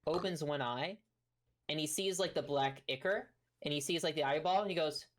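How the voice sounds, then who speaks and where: A woman's voice: low voice, moderate pace. A woman narrating a tabletop game as game master, rambling with lots of fillers. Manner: rambling, full of "like" and "kinda".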